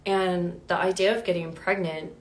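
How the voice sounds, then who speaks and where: A woman's voice: fairly low pitch, moderate pace. Chatty woman telling a personal story. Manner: animated, acts out quoted voices, many fillers. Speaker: health coach.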